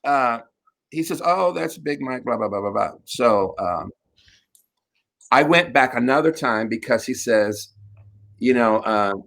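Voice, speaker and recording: A man's voice: mid-range voice, expressive, measured pace, vocal fry, pauses often, a bit bright. A middle-aged man hosting a talk show, telling a campy, laughing story in casual chat.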